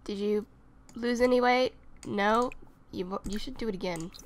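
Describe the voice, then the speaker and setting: A woman's voice: mid-range voice, moderate pace, a little hiss or hum. A young woman playing a life-simulation game, chatting to her characters with a stuffy, sniffly nose while recording at her computer. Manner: chatty, talks to her game characters, swings into loud exasperation. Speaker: gaming channel host. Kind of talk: casual let's-play commentary. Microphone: desktop USB microphone.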